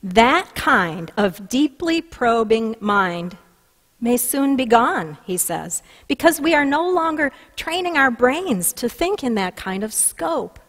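A woman's voice: a little high, slow. Woman pastor preaching in a reverberant church. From Minnesota. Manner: storytelling with lively emphasis. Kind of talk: sermon. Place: church sanctuary.

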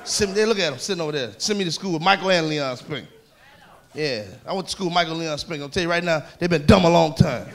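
In a live club recording, a stand-up comedian tells rowdy, profane stories and mocks people with put-on voices. He talks fast at a fairly high pitch, with audience laughter, room noise, and some chatter behind him.

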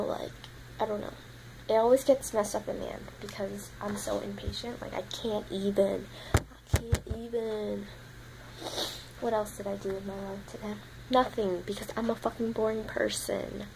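A woman's voice: medium pitch, steady tone, measured pace, vocal fry, long pauses, a little mellow, a little hiss or hum, poor audio. A young woman vlogging in a rambling, casual chat to camera, swearing constantly and sounding tired. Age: young adult.

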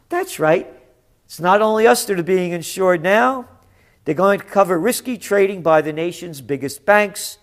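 A man with a high voice delivers sarcastic news commentary. He talks slowly and deliberately, lingering on his mocking asides before bursting into indignant shouts. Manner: mocking, indignant, swings between mutters and shouts.

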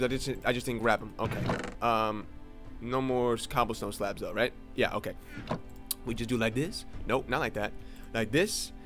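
A young man giving playful, excitable commentary while playing a survival game, chatting with his viewers. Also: medium pitch. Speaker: Minecraft let's play host. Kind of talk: casual gameplay commentary.

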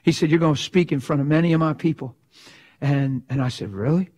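A man preaching with fiery passion, his voice sitting high for a man. He talks with lively animation, slipping into mock voices to make a point. He sounds middle-aged. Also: a little fast. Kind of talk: sermon.

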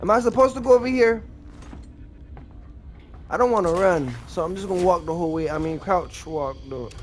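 A man's voice: high voice, moderate pace, a little hiss or hum. A man giving casual gameplay commentary, apologetic and rambling, with a lot of slang and self-mockery. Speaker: gaming video creator.

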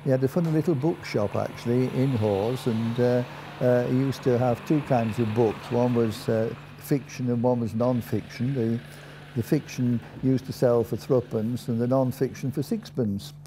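An older man telling anecdotes in an unhurried, halting way, with frequent pauses and fillers. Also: mid-range voice, fairly even intonation, background noise. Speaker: storyteller. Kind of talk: anecdotal storytelling. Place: country inn.

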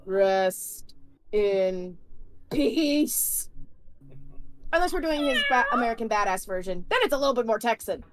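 A woman's voice: fairly high pitch, expressive, racing, hardly any pauses, fairly bright tone, a little hiss or hum. A woman co-hosting a casual podcast chat, teasing and joking with the host.

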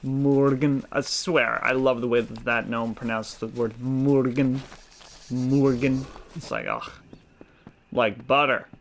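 A man's voice: mid-range voice, animated, a little slow, gravelly, a bit bright, a little hiss or hum. A man giving casual, joking gameplay commentary, swearing now and then and laughing at his own puns. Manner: chatty, swears, mock-corny jokes. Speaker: let's play gamer. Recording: game music behind voice. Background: game music and sounds.

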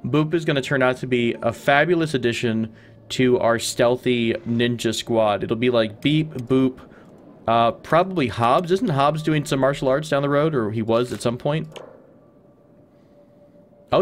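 A man's voice: medium pitch, normal speed, a little hiss or hum. A man hosting a let's play, giving casual gameplay commentary, chatty and rambling as he thinks aloud.

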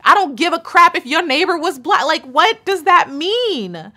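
A woman's voice: very high voice, very animated, moderate pace, pushed and bright. An American woman talking straight to her channel's viewers in an emphatic, indignant opinion vlog, hammering her points home with repetition. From United States. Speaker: YouTuber.

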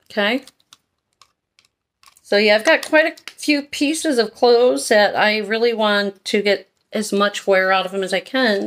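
A woman's voice: medium pitch, a bit bright. A woman vlogger chatting casually and rambling through a shopping haul, often drifting off on tangents. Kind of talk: casual chat.

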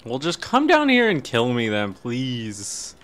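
A man's voice: medium pitch, wildly swooping pitch, slow pace, fairly bright tone. A man streaming a horror game live, commentating and swearing, yelping when startled.

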